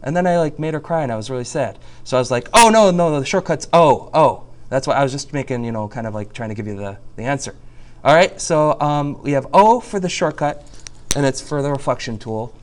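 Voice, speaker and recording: A man teaching a software tutorial over a screen recording, chatty and jokey, talking through each click. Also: medium pitch, brisk.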